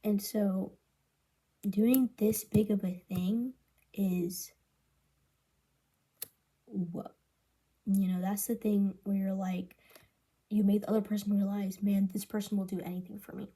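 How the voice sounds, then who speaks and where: A woman's voice: mid-range voice, little pitch movement, a little slow, long pauses, warm tone, slightly rough. A teenage girl giving a casual spoken book review for a school project, chatty and full of fillers. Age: teens. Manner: chatty, filler-heavy, breaks off to read passages aloud. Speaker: student presenting a book project.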